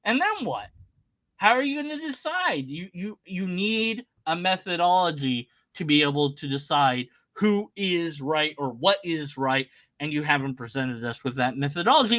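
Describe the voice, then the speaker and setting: A man's voice: on the high side, expressive, normal speed, pushed and bright. A man giving casual, sarcastic commentary on a video, often exclaiming in disbelief.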